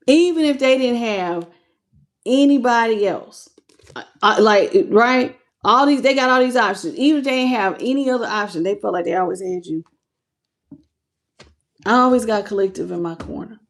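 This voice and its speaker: A woman giving a casual tarot reading to camera. She talks straight to her viewers in loose slang and sounds moved by what she is reading. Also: medium pitch. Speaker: tarot reader.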